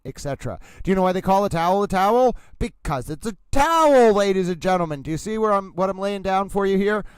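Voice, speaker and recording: Mock-grand Massachusetts man, smooth announcer voice. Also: sits high, no echo. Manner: announcer-like delivery, mock-grand, keeps addressing "ladies and gentlemen". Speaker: livestream host. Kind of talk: playful rambling livestream commentary.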